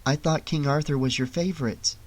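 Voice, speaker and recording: A reader voicing a shy, sensible teenage girl babysitting, speaking softly and gently. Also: medium pitch, steady tone, a little fast, close to an everyday voice. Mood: gentle. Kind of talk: audiobook character voice.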